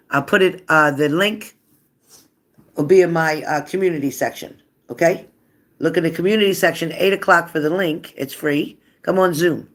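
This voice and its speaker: A man hosting a tarot live stream in a casual, chatty way, reading out viewer comments and answering them earnestly. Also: on the high side.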